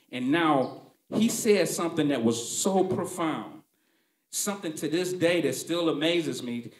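Animated male stand-up comic. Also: a little high, unhurried, reverberant. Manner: conversational, punchy, profane. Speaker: stand-up comedian. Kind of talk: stand-up storytelling.

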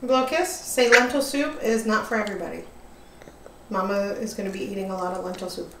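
A woman's voice: medium pitch, fairly even intonation, a little fast, distant mic. A woman, a mother, chatting casually and coaxing her small children at the table at home. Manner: sing-song coaxing toward small children. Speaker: mother feeding toddlers. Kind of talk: casual family chat. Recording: echoey room with background noise.

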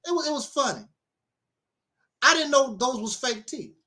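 A man's voice: extremely high pitch, normal speed. A middle-aged man, a minister, giving a casual spoken monologue, telling stories with frequent laughter and preachy asides. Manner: animated storyteller, laughs often, preachy asides.

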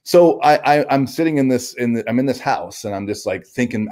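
A man telling a raw personal story as an interview guest, halting, with frequent restarts, repeated words and blunt swearing. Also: medium pitch, lively intonation, a little mellow. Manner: blunt and profane; raw, intense retelling.

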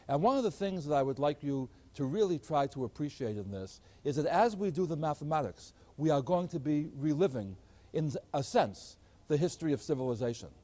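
An older man, a math professor, giving an animated lecture in a storytelling teaching manner. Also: a little high, a little fast. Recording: older recording.

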